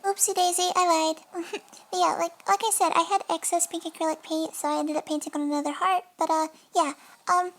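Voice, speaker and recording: A woman's voice: very high-pitched, steady tone, fairly quick. A young woman in a casual, chatty voice-over, narrating her nail art at home and often apologizing between fillers. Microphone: desk mic.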